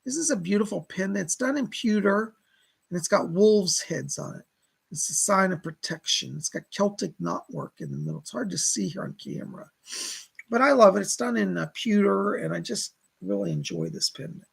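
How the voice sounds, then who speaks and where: Gravelly, husky-voiced man chatting on a live stream. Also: high-pitched, animated, moderate pace, low-quality recording. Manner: gushing, chatty, full of exclamations. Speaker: psychic medium hosting a live stream. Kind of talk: casual live-stream chat.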